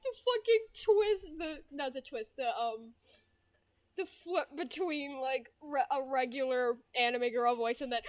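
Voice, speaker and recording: A woman's voice: sits high, unhurried, dry recording, lo-fi sound. A young woman in her twenties streaming a game, giggly, self-mocking and prone to swearing.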